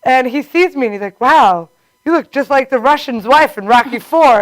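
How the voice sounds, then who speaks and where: A woman's voice: high voice, moderate pace, no echo, low-quality recording. A woman in her late twenties hosting a comedy show, telling stories in a chatty, giggly way. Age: late 20s. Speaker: host. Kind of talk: casual chat.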